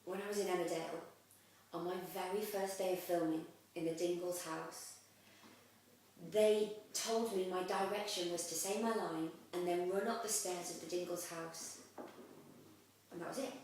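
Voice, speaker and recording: A young actress chatting in an interview, lively, with frequent laughs and "um" fillers. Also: female voice, fairly low pitch, moderate pace, a little hiss or hum. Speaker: actress guest. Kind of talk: casual interview chat. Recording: echoey room, mic at a distance.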